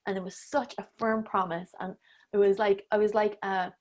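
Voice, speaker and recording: With a mid-range voice, flat delivery, normal speed and a slightly mellow tone, a woman in her thirties tells a personal story as a podcast guest. She's a breathwork teacher, and in the casual interview she performs her inner voices, laughing and cursing occasionally.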